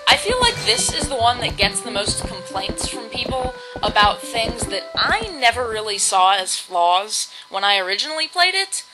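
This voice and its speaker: A woman hosting a casual video game playthrough, chatty and self-mocking, now and then bursting into loud shouts. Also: fairly high pitch, very animated, normal speed, hardly any pauses, low-quality recording. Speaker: let's play host. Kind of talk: casual gameplay commentary. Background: video game music.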